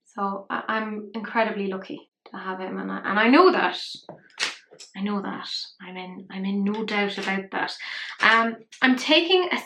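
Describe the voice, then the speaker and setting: A woman's voice: mid-range voice, moderate pace, pushed and bright, a little hiss or hum. A young woman talking through a makeup tutorial in a rambling, self-mocking way. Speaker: beauty vlogger. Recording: roomy echo.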